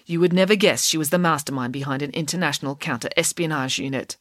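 A woman narrating a children's audiobook in a lively, expressive way. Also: deep voice, quick pace, no echo, clean studio sound.

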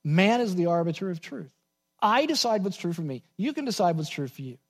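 A man preaching a sermon as pastor, repeating key points slowly for emphasis and dropping to quiet asides. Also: high voice, big pitch swings.

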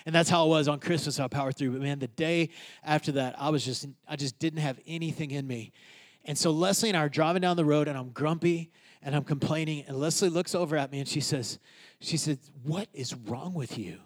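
Pastor telling a story in a sermon. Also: male voice, a little high, fairly even intonation, a little fast. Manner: personal storytelling, swinging from loud to hushed.

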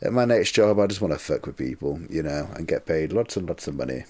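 A low-voiced man co-hosts a podcast, rambling on and laughing along the way. His voice sits near the bottom of a man's range. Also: animated, fast talker, a little mellow. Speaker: podcast co-host. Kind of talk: casual podcast chat.

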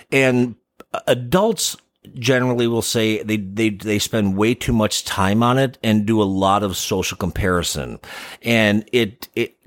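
Brief: male podcast co-host, a counselor type, lowish voice, earnest and reflective, close and dry sound. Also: no echo. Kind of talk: casual podcast chat.

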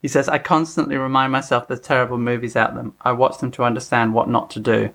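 Middle-aged guy hosting a chatty podcast, rambles a lot, chuckles, keeps correcting himself, normal mid pitch. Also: level tone, fast talker, a bit bright. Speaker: podcast host. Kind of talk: casual podcast chat.

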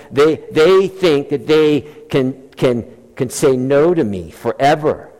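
Preaching man in a reverberant hall. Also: on the high side. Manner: emphatic preaching, quotes God and scripture in animated voices. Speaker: pastor. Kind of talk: sermon.

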